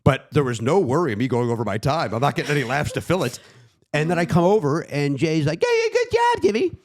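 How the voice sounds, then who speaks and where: A middle-aged man, a comedian, telling stories in casual chat and slipping into quick high-pitched impressions. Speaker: comedian guest.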